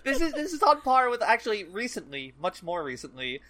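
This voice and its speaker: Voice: mid-range voice, sing-song, brisk, pushed and bright. A podcast co-host in casual chat, telling an anecdote in a dry, sardonic way. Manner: wry, sardonic storytelling.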